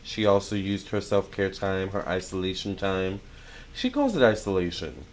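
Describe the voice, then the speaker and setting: A young man giving a casual tarot channeling talk, chatty and excitable, with many fillers and self-corrections. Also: low voice, moderate pace. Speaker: tarot reader.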